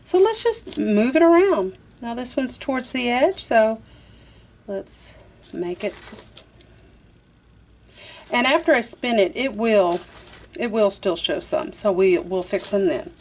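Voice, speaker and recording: A woman's voice: on the high side, animated, takes it slowly, pauses often, a little hiss or hum. A woman, chatting her way through a craft tutorial, talking to herself as she works. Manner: chatty, talks to herself while working, says "y'all". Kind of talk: casual step-by-step craft tutorial.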